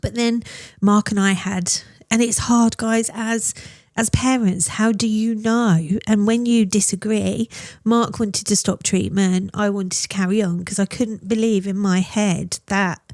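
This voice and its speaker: A woman, telling her story as a mother in a podcast interview, heartfelt and emotional, often pausing to search for words. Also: medium pitch, steady tone, a little mellow, no echo.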